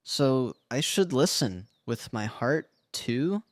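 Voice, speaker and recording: A man's voice: medium pitch, very animated, takes it slowly, dry recording. A man voicing a shy, earnest teenage grandson in a scripted story.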